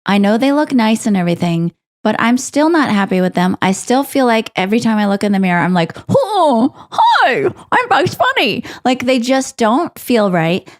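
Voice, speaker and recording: A woman co-hosting a podcast, ranting in a casual, animated way. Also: medium pitch, brisk, few pauses. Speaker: podcast co-host. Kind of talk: casual chat.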